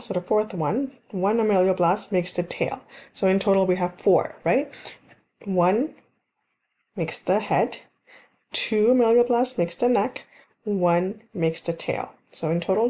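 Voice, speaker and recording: Mellow-voiced woman explaining a lecture. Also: medium pitch, measured pace. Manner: explanatory, repeats key points, frequent ums and restarts. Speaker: dental hygiene instructor. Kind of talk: recorded slide lecture.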